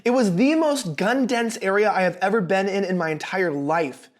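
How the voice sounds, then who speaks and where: A young man hosting a casual commentary show, talking in an animated, sarcastic way with frequent restarts. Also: high-pitched, moderate pace. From United States. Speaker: political commentary host.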